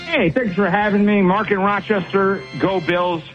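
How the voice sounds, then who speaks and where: A man's voice: high voice, steady tone, normal speed, muffled recording, soft background music. A man calling in to a radio show as a game contestant, upbeat and friendly but tentative when guessing. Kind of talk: casual phone-in banter.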